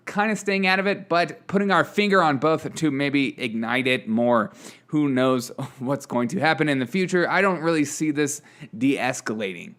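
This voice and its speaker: A man's voice: on the high side, fairly bright tone. A man hosting a political commentary show, reading headlines and making sarcastic asides, often laughing between stories. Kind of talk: casual news commentary.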